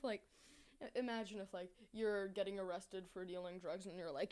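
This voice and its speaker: Mocking woman host with a smooth voice. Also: lowish voice, fairly even intonation, brisk, a little mellow. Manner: mocking, exasperated, rambling with fillers. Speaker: commentary video host. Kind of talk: sarcastic reaction commentary.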